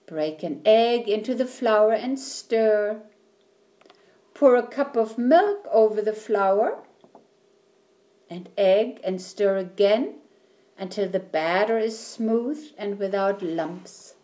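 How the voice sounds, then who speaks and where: A woman voicing a patient, kindly mother calmly giving step-by-step instructions in a children's story. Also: medium pitch, takes it slowly. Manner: calm, instructive.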